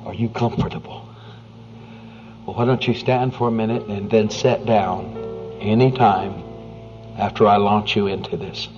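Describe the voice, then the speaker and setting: A man preaching with a low-pitched voice, earnest and conversational, sinking into hushed near-whispers. The recording is dull and lo-fi, with faint music underneath. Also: steady tone, a little slow, long pauses. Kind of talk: sermon.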